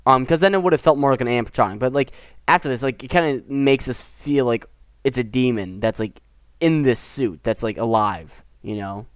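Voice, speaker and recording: A man's voice: mid-range voice, fairly quick, clean tone, dry recording. An American teenage boy casually reviewing a short film, rambling and giggling, with lots of fillers and restarts. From United States. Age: teens. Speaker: gaming YouTuber.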